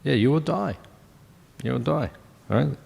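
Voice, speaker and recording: This temple morning scripture class is led by a man in his fifties whose medium-pitched voice is mellow, husky, and fried, at normal speed. He talks loosely and conversationally, often questioning his listeners, amid long hall reverb.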